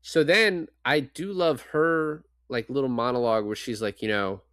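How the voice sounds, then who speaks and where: A man's voice: mid-range voice, moderate pace, few pauses, a bit bright, clean tone, dry recording, clean studio sound. Man casually retelling movie scenes. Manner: retells scenes, acting out lines. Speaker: podcast co-host. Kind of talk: casual film chat.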